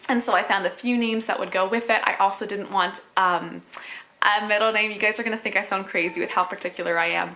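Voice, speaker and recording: A woman's voice: mid-range voice, a bit bright. A woman vlogging casually to camera as a mother, chatty with frequent fillers and little laughs. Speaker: mom vlogger.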